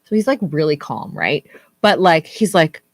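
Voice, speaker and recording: A woman's voice: low voice, very animated, moderate pace, no room sound, clean studio sound. A tired woman in her thirties, co-hosting a podcast and chatting casually, rambling with lots of fillers. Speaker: podcast co-host. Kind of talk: casual chat.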